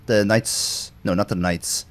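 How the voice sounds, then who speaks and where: A man's voice: lowish voice, steady tone, slow pace. A man hosting a casual gaming podcast, rambling through stories, laughing often and swearing casually. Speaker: streamer host.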